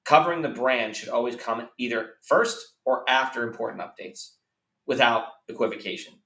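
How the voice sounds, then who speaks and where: Speaking at normal speed, this man has a medium-pitched voice with a sharp tone. He's a business coach guest in a podcast interview, giving earnest advice and leaning on repeated key phrases for emphasis; the mic sounds roomy and a bit distant.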